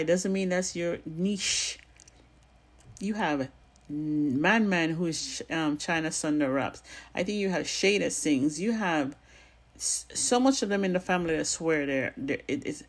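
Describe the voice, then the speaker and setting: A woman with a noticeable accent giving blunt, sassy, profane commentary in a casual vlog. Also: low voice. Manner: has a non-standard accent of her own. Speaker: gossip commentary vlogger.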